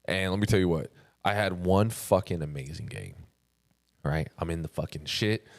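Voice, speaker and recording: A man's voice: sits low, moderate pace. A man co-hosting a casual podcast chat, telling stories full of swearing and laughter. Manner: profane, laughing storyteller. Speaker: podcast co-host.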